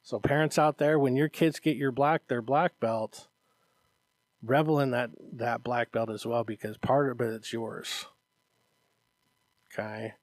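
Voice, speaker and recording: A man's voice: mid-range voice, fairly even intonation, measured pace, pauses often, no room sound. A man co-hosting a casual podcast as a martial arts instructor, talking earnestly and encouragingly to parents and checking in with "Okay?". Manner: earnest and encouraging, acts out parents' voices, often adds "Okay?".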